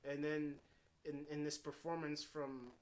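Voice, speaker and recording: A man's voice: a little high, little pitch movement, unhurried. A man giving a casual, unscripted movie review, retelling scenes in his own paraphrased quotes with plenty of fillers and restarts. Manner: rambling, heavy on fillers and restarts.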